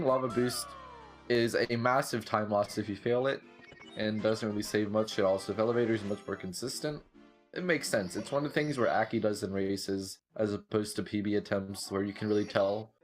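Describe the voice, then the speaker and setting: A man giving casual play-by-play commentary on a speedrun race, relaxed and full of fillers. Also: lowish voice, fairly quick, faint music behind. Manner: relaxed, lots of filler "like" and "you know".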